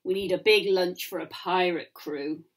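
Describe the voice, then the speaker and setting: A woman's voice: fairly low pitch, steady tone, normal speed, pitched below the performer's own voice, natural voice. A woman voicing a jolly, rowdy pirate crew in a picture-book reading. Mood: hearty. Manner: loud, hearty, drawn out.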